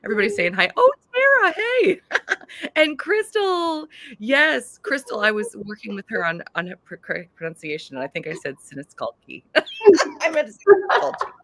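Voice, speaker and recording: A woman's voice: medium pitch, big pitch swings, moderate pace, fairly bright tone, dry recording. A woman with an American accent hosting a live-stream author interview, gushing and exclamatory. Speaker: host.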